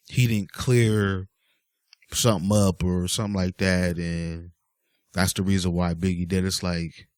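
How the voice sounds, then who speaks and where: Low-voiced man ranting casually. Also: dry recording, studio quality. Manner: exasperated, rambling with many fillers. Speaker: vlogger. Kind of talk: casual rant to camera.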